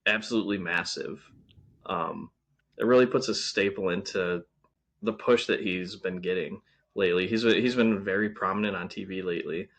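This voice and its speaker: A man's voice: low-pitched, moderate pace, a bit bright. A man co-hosting a podcast, casually reviewing wrestling shows with lots of ums and restarts. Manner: rambling, frequent ums and restarts. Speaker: podcast co-host.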